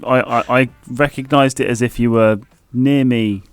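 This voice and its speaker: A man's voice: medium pitch, steady tone, moderate pace, clean tone, faint music behind. Giggly London man on a podcast. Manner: giggly, hesitant, self-deprecating. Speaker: podcast co-host. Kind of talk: casual football podcast chat.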